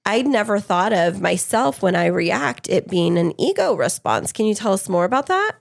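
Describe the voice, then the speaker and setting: A woman co-hosting a podcast, mid-pitched with a gravelly, creaky edge. She talks in a chatty way, shares personal examples and asks follow-up questions. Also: very animated, moderate pace. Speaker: podcast co-host. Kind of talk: conversational interview.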